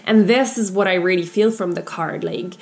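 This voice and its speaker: A woman's voice: on the low side, moderate pace, creaky, a little mellow, husky. A woman giving a casual tarot reading to her viewers, gushing and repetitive and often calling them you guys. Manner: frequent fillers and restarts, addresses viewers as you guys. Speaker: tarot reader.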